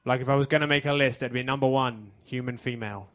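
A man with an English accent doing a stand-up set on a theater stage, with a dry, deadpan delivery. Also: mid-range voice, fast. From England. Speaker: stand-up comedian.

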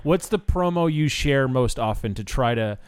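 A man hosts a casual podcast in a wry, joking tone. His pitch is animated and moves up and down. He talks at a middle pitch. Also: normal speed, clear, resonant tone. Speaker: podcast host. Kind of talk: casual chat.

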